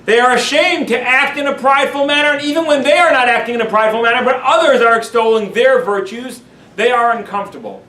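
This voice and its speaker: A man, a rabbi, teaching a class in a lively way, speaking to the room and acting out his examples. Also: very high voice, quick pace. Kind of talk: classroom lecture. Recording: roomy sound from a distant mic, faint background noise.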